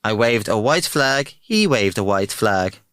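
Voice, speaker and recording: A man's voice: fairly low pitch, lively intonation, unhurried, a bit bright, smooth, no room sound, clean studio sound. A man voicing a cheeky young male German conscript with a put-on German accent. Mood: sly.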